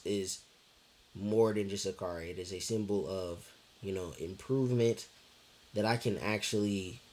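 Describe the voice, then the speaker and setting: A man's voice: fairly low pitch, darkish tone. A young man telling a personal story in a loose, rambling way, repeating himself, with lots of fillers and swearing. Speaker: vlogger. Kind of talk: casual storytelling chat.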